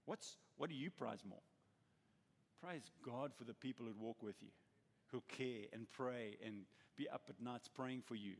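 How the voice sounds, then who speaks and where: A man's voice: medium pitch, measured pace. A man preaching a sermon as a pastor, telling stories and acting out the people he quotes, in a church hall. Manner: animated storytelling, acts out quoted voices. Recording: echoey hall with long reverb.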